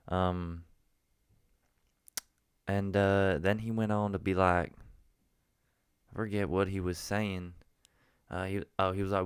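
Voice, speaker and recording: A man's voice: low voice, steady tone, normal speed, pauses often, clear, resonant tone, dry recording, studio quality. A young man from New Jersey, rambling through a jokey story in a casual vlog, often restarting his sentences. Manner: rambling, jokey, self-interrupting. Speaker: vlogger.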